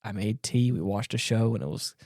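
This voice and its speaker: A man's voice: fairly low pitch, brisk, a little mellow, dry recording, studio quality. A man co-hosting a podcast, chatting casually, rambling with many stammered restarts and frequent laughs. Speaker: podcast co-host. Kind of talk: casual chat.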